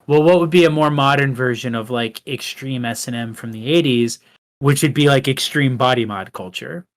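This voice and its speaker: A man's voice: medium pitch, moderate pace. Male podcast co-host, loose rambling delivery, lots of "like" and restarts. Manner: rambling, frequent fillers and restarts. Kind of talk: casual film discussion.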